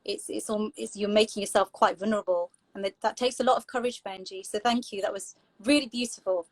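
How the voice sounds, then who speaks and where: A woman's voice: medium pitch, fairly even intonation, brisk, dry recording, rough recording. A woman hosting an online open mic over a video call, speaking in an encouraging, supportive way. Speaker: host.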